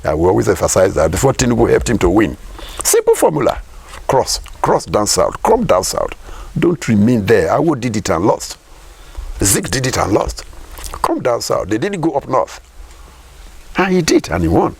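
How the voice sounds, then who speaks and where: A man's voice: fairly low pitch, sing-song, normal speed, gravelly, darkish tone, slightly rough. A Nigerian man, a professor, giving emphatic political commentary in an interview, repeating points and asking rhetorical questions.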